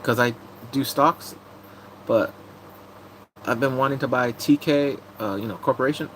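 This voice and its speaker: A man's voice: medium pitch, moderate pace, a bit bright, a little hiss or hum, low-quality recording. A man chatting casually on a live stream, muttering asides to himself as he reads entertainment and gaming news aloud.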